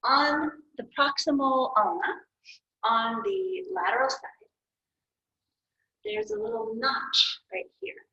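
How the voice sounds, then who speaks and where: A woman's voice: high voice, big pitch swings, slow pace, gravelly, pauses often, bright, forceful tone. A woman teaching anatomy as she draws, patient and thinking aloud, correcting herself now and then. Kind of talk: explaining anatomy while drawing. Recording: dull lo-fi recording.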